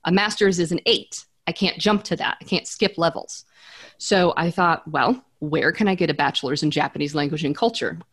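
A woman's voice: sits low, normal speed, breathy edge. A woman in her thirties, a podcast guest chatting in an upbeat way and laughing easily. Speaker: podcast guest, business strategist. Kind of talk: casual interview chat.

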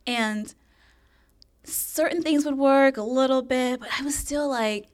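A woman talking in a casual podcast conversation, candid and expressive, swearing freely and acting out her old thoughts. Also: high-pitched, measured pace. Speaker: podcast guest.

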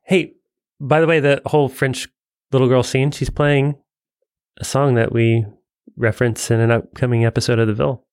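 A man's voice: medium pitch, level tone, normal speed, a little mellow, clear, resonant tone, no room sound, clean studio sound. A man co-hosting a casual movie discussion, chatty and jokey. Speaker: podcast co-host.

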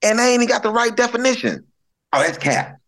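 A man's voice: extremely high pitch, big pitch swings, fast, fairly bright tone. A middle-aged male comedian telling stories in casual chat, slangy, repeating words and laughing often. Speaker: comedian guest.

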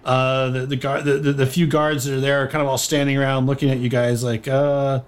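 A man's voice: mid-range voice, level tone, a little fast. A man narrating as game master, loose and chuckling, with lots of fillers.

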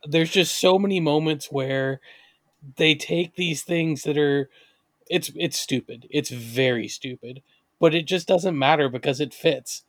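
Man, podcast co-host, higher voice, wry, chuckling, quick remarks, dry close sound. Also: no echo. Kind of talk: casual podcast chat.

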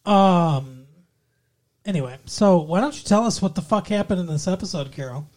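A man's voice: high-pitched, animated, normal speed, a little mellow. A man co-hosting a podcast in casual banter, joking and teasing his co-host. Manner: joking, teasing, drops into silly impressions.

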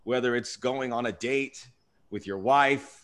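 A man hosting his own podcast in an easy, conversational way. He reflects as he talks and keeps the chat moving. His voice sits at an everyday middle pitch. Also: a little slow, a bit bright. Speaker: podcast host.

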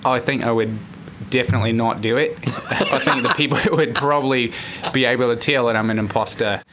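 A man's voice: medium pitch, fairly even intonation, brisk, background noise. An American man hosting a podcast as a counselor, chatting casually, joking and laughing at himself. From United States. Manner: joking, self-mocking, laughs often.

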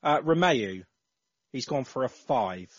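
On a casual football podcast, the male host reads listener entries aloud, filling them with ums and uhs. His mid-range voice is animated but slow, with no room sound, in slightly dull lo-fi audio.

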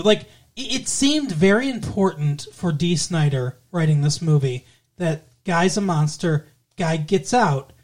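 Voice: mid-range voice, a little mellow. Rambling, profane podcast co-host. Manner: profane, rambling, lots of fillers. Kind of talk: casual movie review chat.

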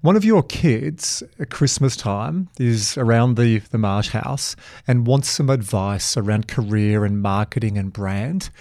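A man's voice: medium pitch, animated, unhurried, mellow, no echo, clean studio sound. A man hosting a casual podcast interview, asking questions with enthusiastic, playful, teasing banter. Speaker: podcast host.

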